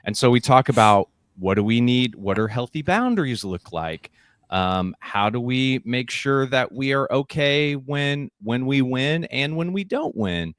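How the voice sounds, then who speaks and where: Animated middle-aged man telling stories. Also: medium pitch, a little slow, clear, resonant tone, no echo, clean studio sound. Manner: animated storyteller who acts out quoted voices. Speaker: guest, keynote speaker and leadership coach. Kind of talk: podcast interview.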